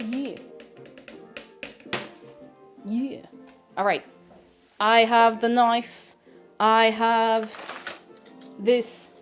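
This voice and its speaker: A woman with an Irish accent, chatty and self-mocking, thinking aloud as she cooks on a stream in her home kitchen. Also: a little high. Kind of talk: casual cooking stream chat.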